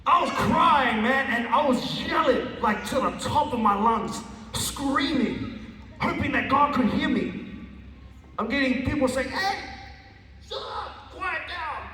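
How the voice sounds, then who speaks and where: A man's voice: very high-pitched, a little slow, pushed and bright. A man giving an earnest personal testimony, often restarting and repeating phrases for emphasis. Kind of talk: emotional testimony storytelling. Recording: echoey hall from a distant mic.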